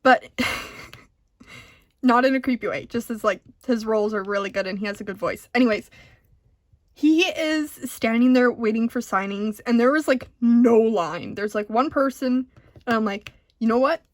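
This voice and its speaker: A bubbly young woman with a high voice chats into a close camera mic about her day, laughing often and fangirling. The sound is dry and close, with no room echo. She comes across as jittery and excitable. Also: normal speed. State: jittery on caffeine. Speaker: diamond painting vlogger. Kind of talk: casual storytelling chat.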